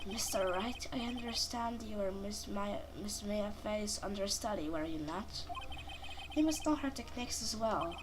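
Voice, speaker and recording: A woman's voice: medium pitch, normal speed, background noise, pitched below the performer's own voice, lightly acted. A woman doing a sneering male prosecutor. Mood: haughty. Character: haughty, cold male prosecutor.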